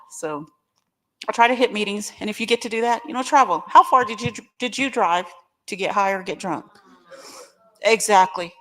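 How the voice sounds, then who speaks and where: A woman's voice: mid-range voice, a little fast, fairly bright tone. Candid woman giving testimony. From Oklahoma. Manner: candid, emotional and joking, addresses the crowd directly. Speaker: guest speaker at a recovery meeting. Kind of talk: personal testimony talk.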